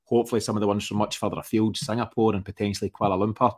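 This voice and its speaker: A man's voice: on the low side, little pitch movement, rapid-fire. A man hosting a podcast interview, asking friendly questions that he steers with fillers. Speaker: podcast host.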